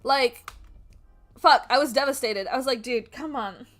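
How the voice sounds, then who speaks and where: A young adult woman streamer chatting casually while drawing, animated and profane, often laughing. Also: high voice, a little slow, soft background music. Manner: animated, swearing, laughing, quoting people in mock voices.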